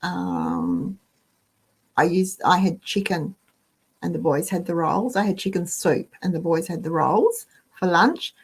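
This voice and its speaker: A woman's voice: fairly low pitch, sing-song, measured pace, breathy edge. An Australian woman hosting a casual chat, telling rambling everyday stories with asides to the listener. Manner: chatty, rambling storytelling with asides. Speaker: host.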